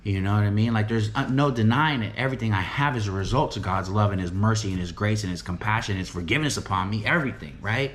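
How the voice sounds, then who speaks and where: A middle-aged man with a somewhat low voice speaks in an earnest, emphatic way about faith and recovery. He drives his points home by repeating phrases and tags many sentences with a quick "right?". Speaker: recovery home director and preacher. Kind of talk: motivational faith talk.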